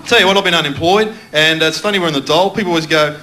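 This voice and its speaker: A man's voice: on the high side, fairly quick, long pauses, pushed and bright. An Australian man from Melbourne doing a stand-up comedy set, bantering loosely with the audience and mocking himself. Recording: noisy live club recording.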